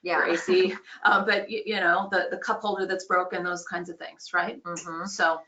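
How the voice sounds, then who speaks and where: Bright-voiced woman sales trainer. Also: on the low side, flat delivery, normal speed. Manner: upbeat, explanatory, conversational. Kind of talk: online training course.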